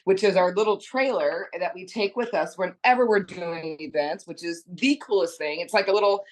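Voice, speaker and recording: A woman's voice: on the low side, normal speed. A woman who co-founded a business, a guest in a casual interview, explaining eagerly.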